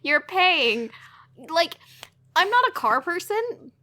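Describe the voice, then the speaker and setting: Bright, animated woman ranting on a podcast. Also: very high-pitched, takes it slowly. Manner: swearing, laughing, animated rant. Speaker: podcast co-host. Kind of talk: casual podcast rant.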